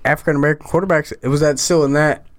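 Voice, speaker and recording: A man's voice: fairly high pitch, steady tone, rapid-fire. A man co-hosting a podcast, teasing the others in crude, casual banter.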